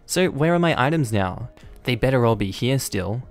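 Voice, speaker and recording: A man reads out a pushy, indignant mother in a storybook-style retelling. She is demanding and huffy. Her voice sits only a touch above his usual tone, with soft music faintly underneath. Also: mid-range voice, expressive, normal speed, natural voice.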